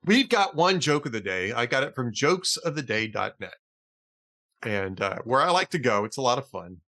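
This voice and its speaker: Chatty guy hosting a talk show, laughs at his own jokes, bright voice that jumps around. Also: mid-range voice, big pitch swings, normal speed. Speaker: podcast host. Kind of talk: casual political talk show chat.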